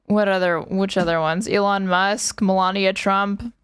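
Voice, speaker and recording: A woman hosting a stream, reading news aloud and breaking in with sarcastic remarks. Her voice is smooth and resonant. The sound is dry and close, with little room around it. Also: medium pitch, steady tone, a little slow, dry recording. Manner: sarcastic, reads articles aloud with asides. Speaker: streamer reacting to news clips. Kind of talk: casual commentary over clips.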